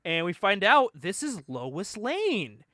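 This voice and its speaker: A man co-hosting a casual podcast, recapping a comic book with constant laughter and quick acted-out dialogue. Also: high voice, no room sound, studio quality. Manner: animated, laughs often, acts out the characters' lines. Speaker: podcast co-host.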